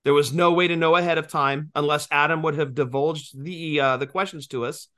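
Man in his 40s, podcast co-host, bright tone, slightly high voice, joking banter. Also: steady tone, a little fast. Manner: joking, profane, explains at length.

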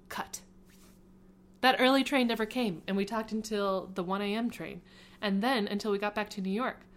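A woman casually reading a story aloud on a podcast. Her voice sits at an ordinary middle pitch. She laughs often and breaks off to make asides between the narrated passages. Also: moderate pace. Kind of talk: casual read-aloud of fan fiction.

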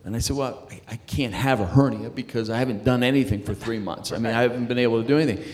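Telling the story of his faith in a conversation, a middle-aged man speaks with a mid-range, darkish voice, and a slight hiss or hum is audible. He halts often, stumbling over and repeating words before restarting.

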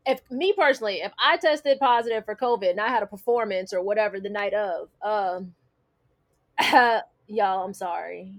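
A woman's voice: mid-range voice, moderate pace. A woman co-hosting a casual chat, teasing and playful as she tells stories. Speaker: podcast co-host.

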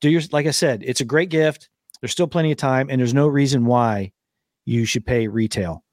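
A man co-hosting a podcast in a loose, folksy way, cracking jokes and laughing as he goes. His voice sits at an ordinary pitch, close on a studio mic in a dry room with no echo. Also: normal speed, a little mellow. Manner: joking, laughs often, folksy. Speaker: podcast co-host. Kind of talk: casual chat with ad read. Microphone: studio microphone.

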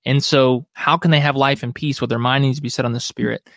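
A man's voice: medium pitch, fairly even intonation, quick pace, vocal fry, no echo. Earnest male counselor, dry close sound. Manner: earnest, reflective, warmly conversational. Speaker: biblical counselor, guest. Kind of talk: podcast interview.

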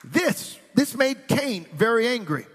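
A male pastor preaches with animated storytelling and slips into the voices of the people in his stories. His voice sits high for a man. The sound carries a long reverb from a large hall. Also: slow, breathy edge. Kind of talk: sermon.

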